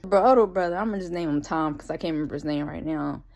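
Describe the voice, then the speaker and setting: A woman's voice: sits low, fast, a little mellow, slight background noise. A young woman casually recapping a TV episode, slangy, with sarcastic, incredulous asides. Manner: slangy, conversational.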